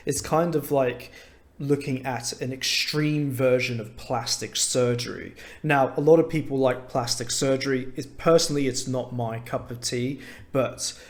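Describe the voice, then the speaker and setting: Slow-speaking Englishman tutoring. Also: medium pitch. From England. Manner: unhurried, earnest, frank opinions. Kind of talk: explanatory video lesson.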